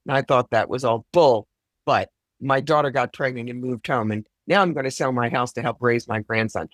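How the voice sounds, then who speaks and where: A woman's voice: rumbling low, moderate pace, dry recording, clean studio sound. A woman being interviewed as a psychic guest, speaking bluntly with wry, self-deprecating humor. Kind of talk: conversational interview.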